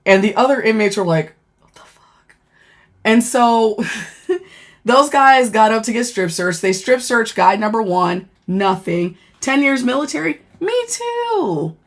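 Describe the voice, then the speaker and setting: A woman, a former corrections officer, casually telling a story on a livestream, animated and profane, with lots of fillers. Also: a little high, measured pace. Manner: animated, profane, laughing and dramatizing; chatty with many fillers.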